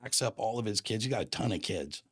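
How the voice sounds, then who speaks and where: A man with a deep, low voice tells a personal story on his podcast. He talks casually and with lots of emphasis, dropping surfer slang as he goes. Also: animated, quick pace, breathy edge, no room sound, clean studio sound. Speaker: podcast host.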